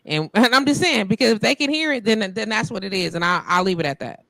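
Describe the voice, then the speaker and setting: A woman's voice: medium pitch, lively intonation, fast talker, vocal fry, fairly bright tone, no room sound. A woman hosting a live stream in casual chat, muttering and venting as she fixes her tech. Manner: frustrated, muttering while fixing tech. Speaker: host.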